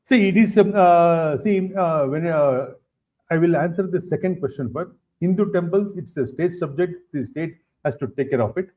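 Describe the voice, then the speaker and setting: A man with an Indian English accent, a political guest answering interview questions in a halting way, full of fillers and repeated phrases. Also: on the high side, darkish tone. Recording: dull lo-fi stream audio.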